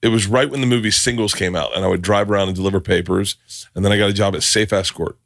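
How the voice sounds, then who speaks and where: Man, fairly low voice, dry close mic, brash crude rambling podcast talk. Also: fairly even intonation, fast, gravelly, a bit bright, no room sound. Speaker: podcast host. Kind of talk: casual podcast chat.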